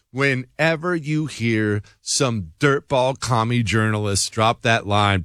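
A man hosting a talk radio show, telling an exasperated story and leaping up in pitch to stress his points. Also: takes it slowly, few pauses, a bit bright, dry recording, clean studio sound. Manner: exasperated storytelling, jumps to high pitch for emphasis. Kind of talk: animated talk radio monologue.

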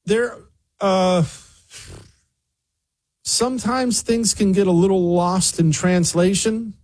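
A man hosting a radio show, telling a funny story to his co-host in a lively, joking way. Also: sits high, slow. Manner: lively, joking storyteller who mimics other people's voices. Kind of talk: casual on-air storytelling to a co-host.

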